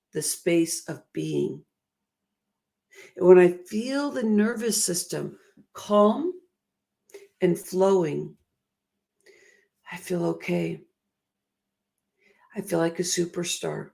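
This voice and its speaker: Earnest woman with a gravelly voice. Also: on the low side, darkish tone. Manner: emotional, earnest, laughs often. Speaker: motivational speaker. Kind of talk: motivational talk.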